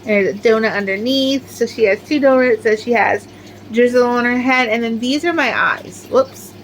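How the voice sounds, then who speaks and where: Brief: middle-aged woman, fairly high voice, rambling show-and-tell crafter, filler-heavy. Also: moderate pace, a little hiss or hum, poor audio. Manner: chatty, rambling, many "like" fillers. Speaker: crochet crafter showing her amigurumi. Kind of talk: casual show-and-tell chat.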